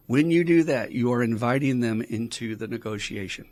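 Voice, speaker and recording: A man's voice: medium pitch, lively intonation, normal speed, darkish tone, no room sound. A man talking as an addiction counselor in a casual podcast, with a blunt, profane coaching manner. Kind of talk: casual advice podcast talk.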